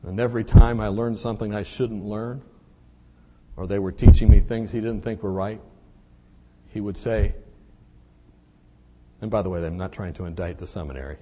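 A man preaching a sermon, telling a personal story in a confessional way that moves between hushed and emphatic. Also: fairly low pitch, normal speed, long pauses, slight background noise.

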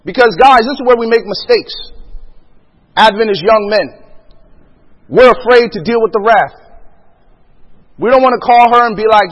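Male preacher, very high pitch, emphatic sermon with rhetorical questions, long hall echo. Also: normal speed, pauses often, muffled recording.

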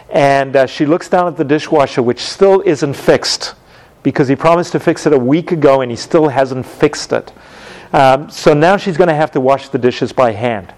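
A man teaching a Bible class, telling everyday stories with lively acted-out moments and questions to his students. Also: on the high side. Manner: animated storytelling, acts out scenes with sound effects.

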